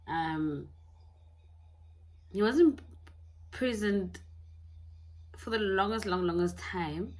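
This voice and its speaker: A woman's voice: sits low, darkish tone, slightly rough. A young South African woman telling a personal story in a candid, casual way, laughing often. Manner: candid, mixing in Setswana phrases, laughing often. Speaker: YouTuber.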